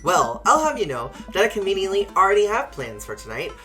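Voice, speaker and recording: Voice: medium pitch, wildly swooping pitch, fairly quick, sharp tone, faint music behind, voice pushed up. A streamer reading an awkward, wry single dad.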